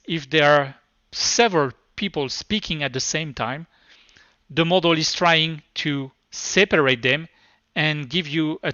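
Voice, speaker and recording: A man's voice: fairly high pitch, bright, forceful tone, dry recording. French-accented man giving a live demo. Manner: halting, many restarts and fillers. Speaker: conference speaker. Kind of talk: live tech demo talk. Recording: dull lo-fi sound.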